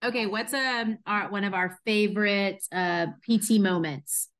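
A woman's voice: mid-range voice, a little slow. A woman hosting a casual staff chat, telling funny work stories with lots of laughter and fillers. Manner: animated, laughing often, many fillers. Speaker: physical therapy clinic owner hosting staff podcast.

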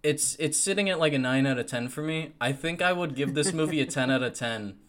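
A man co-hosting a podcast, talking casually and excitedly about a movie, often laughing mid-sentence. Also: on the high side, a little fast. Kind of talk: casual film chat.

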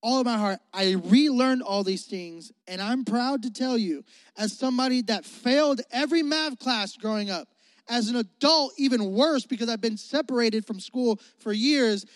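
A man preaching to a youth group in a high, bright-leaning voice. He repeats his key lines with conviction, sometimes loud, sometimes hushed. The voice is close and dry, but a long hall reverb trails behind it. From Mississippi. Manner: earnest, repetitive, swings between loud emphasis and hushed intimacy. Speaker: youth pastor. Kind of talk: youth sermon.

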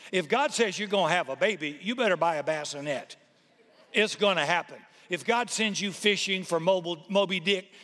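A male pastor preaching with dramatic flair, landing punchy jokes and rhythmic, rhyming lists. His voice sits slightly high and carries a long reverb from a large church auditorium. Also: a bit bright. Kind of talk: sermon.

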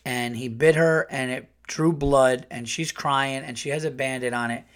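A man hosting his podcast, telling a comic story in an animated, profane, rambling way full of restarts. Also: mid-range voice, moderate pace. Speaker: podcast host, comedian.

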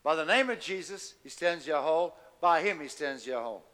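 A man's voice: fairly high pitch, animated, fairly quick, fairly bright tone, big-room sound. A man preaching a sermon, emphatic and calling on the congregation to repeat after him. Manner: emphatic, call-and-response with the congregation. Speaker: pastor.

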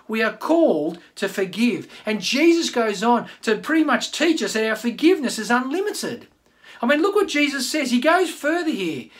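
A pastor giving a sermon, asking the congregation rhetorical questions. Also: mid-range voice. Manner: animated preaching with rhetorical questions.

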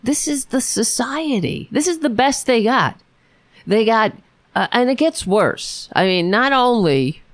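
A woman's voice: mid-range voice, dry recording. A woman hosting a political podcast, ranting alone in an angry, sarcastic, profane way with many restarts. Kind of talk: ranting solo commentary.

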